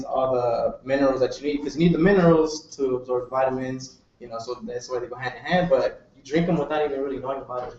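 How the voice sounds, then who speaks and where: A man's voice: medium pitch, a little mellow, distant mic. A man co-presenting at a live meeting, explaining loosely and laughing easily as he tells a story. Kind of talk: casual explanation to a live audience. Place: meeting room with a live audience. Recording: echoey room, dull sound.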